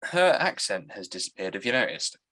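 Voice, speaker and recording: Guy hosting a podcast, lowish voice but bright and forceful, kinda halting as he explains stuff. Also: very animated, rough recording. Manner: hesitant, explaining plot step by step. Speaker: podcast host. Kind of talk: casual commentary chat.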